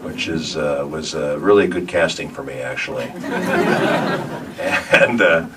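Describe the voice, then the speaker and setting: A bass-voiced man speaks at a measured pace over a noisy crowd, picked up by a distant mic in a noisy room. He's a voice actor on a convention panel, telling rambling stories to a live audience and often chuckling between restarts.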